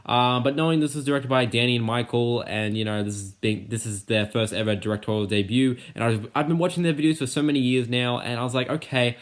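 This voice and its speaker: A man's voice: medium pitch, fast, hardly any pauses. A young man hosting his own channel, giving a casual, rambling movie review full of swearing and restarts. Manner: excitable, profane, rambling with many restarts.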